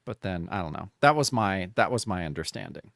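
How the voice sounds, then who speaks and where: Man, podcast co-host, animated pitch, swears casually, acts out comic panels, dry close mic. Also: a little fast, creaky, no echo. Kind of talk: casual comic book discussion.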